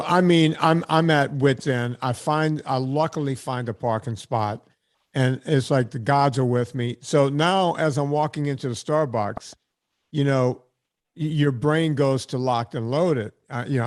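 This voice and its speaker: A man's voice: medium pitch, normal speed. An older man hosting a podcast, telling a profane, exasperated story in casual chat. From California. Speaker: podcast host.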